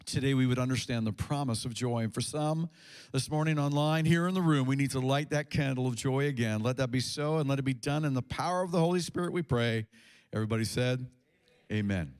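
Pastor, male, mid pitch, casual preaching full of restarts, delivers sermon to church congregation. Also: fairly quick, a little mellow, clean tone. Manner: conversational preaching with fillers and restarts.

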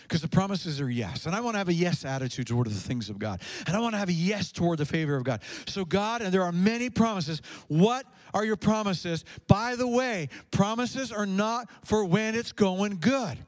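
A man's voice: high-pitched, expressive, moderate pace, few pauses. A male pastor preaching a sermon to a congregation in a church, impassioned, often repeating words and restarting sentences. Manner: impassioned, rising to fervent peaks.

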